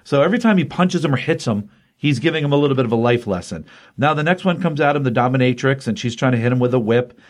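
Comic podcast co-host, a man, casual and animated. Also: medium pitch, fast talker. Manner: animated retelling with acted quotes. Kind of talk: casual comic review chat.

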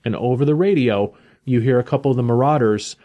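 Male podcast host, mid-range voice, enthusiastic, animated storyteller, casual chat. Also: medium pitch, quick pace, lo-fi sound.

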